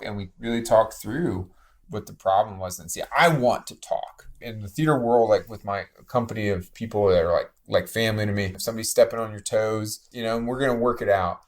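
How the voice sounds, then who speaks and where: A man's voice: fairly low pitch, fairly quick. A man telling stories as a guest, rambling and emotional with many restarts. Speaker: guest, bookstore co-owner. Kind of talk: casual storytelling conversation.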